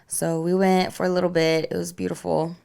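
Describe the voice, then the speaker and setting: Low, gravelly-voiced woman podcaster. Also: little pitch movement, brisk, warm tone. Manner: chatty, laughs often, trails off with "like" and "you know". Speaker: podcast co-host. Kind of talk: casual chat.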